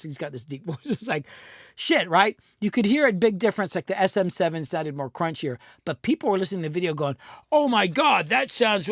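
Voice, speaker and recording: Profane, rambling man with a high voice. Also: fairly bright tone, no echo, studio quality. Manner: rambling, profane, frequent restarts. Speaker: music producer hosting a live stream. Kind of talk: casual live-stream chat. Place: home recording studio. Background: cats in the room.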